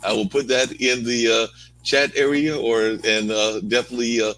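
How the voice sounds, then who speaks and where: A man's voice: mid-range voice, level tone, moderate pace, fairly bright tone, slight background noise, rough recording. A male host talking casually, rambling, filling his speech with "like". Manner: rambling, lots of "like". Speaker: show host. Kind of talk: casual chat.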